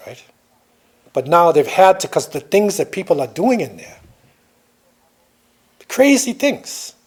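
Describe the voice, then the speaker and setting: A man's voice: fairly high pitch, darkish tone. An older man giving a classroom lecture, telling stories and often checking in with the listeners. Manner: storytelling, checks in with "right?".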